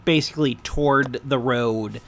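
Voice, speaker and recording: A man's voice: mid-range voice, normal speed, a bit bright, a little hiss or hum. A man narrating as game master in a tabletop session, hesitant and full of fillers.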